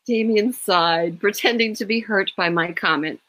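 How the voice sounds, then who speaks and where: A woman author reading a first-person scene from her own novel, expressive and lively. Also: mid-range voice, moderate pace.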